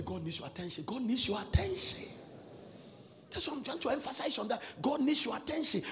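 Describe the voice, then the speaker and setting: Gravelly sing-song preacher man. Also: very high voice. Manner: sing-song preaching cadence, swinging from shouts to soft asides. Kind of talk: sermon. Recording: long reverb of a large hall.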